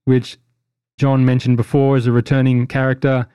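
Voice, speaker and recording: A man's voice: medium pitch, little pitch movement, moderate pace, warm tone, smooth, no echo, studio quality. A man running a tabletop game, recapping a session in casual podcast chat and teasing his players with jokes. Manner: jokey, teasing, rambling. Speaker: game master.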